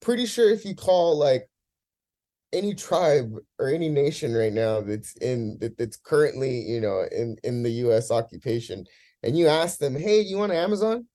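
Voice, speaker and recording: A man's voice: medium pitch, lively intonation, normal speed, mellow. A man in a podcast discussion, talking in an impassioned, profane rant, visibly emotional.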